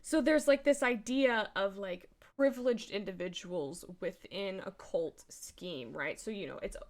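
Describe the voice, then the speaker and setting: A young woman co-hosting a livestream, chatting casually, animated and opinionated, with lots of "like" fillers. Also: mid-range voice, a little slow. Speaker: co-host.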